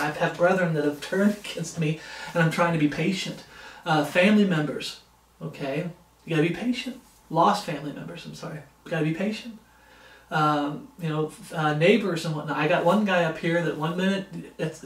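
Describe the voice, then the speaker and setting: A man with a high voice preaches earnestly to his viewers, circling back and restarting his sentences as he goes. He sits back from the mic, so his voice comes across distant, and the room around him rings with echo. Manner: earnest, repetitive, halting with restarts. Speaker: ministry preacher. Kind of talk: informal devotional talk.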